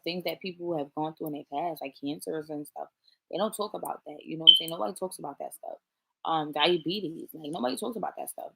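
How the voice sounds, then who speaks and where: A woman's voice: on the low side, creaky, a bit bright. A woman chatting casually to her viewers, blunt and profane, talking straight to them. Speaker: vlogger. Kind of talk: casual chat to camera.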